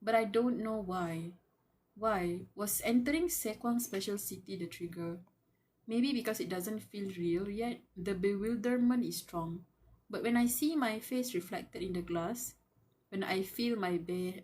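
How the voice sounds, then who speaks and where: Slow-spoken woman gushing over a live reading. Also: medium pitch, darkish tone. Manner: gushing fangirl reactions, squeals and laughter; muses aloud, talks to the characters. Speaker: live reader of a web novel. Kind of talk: live reading with excited commentary.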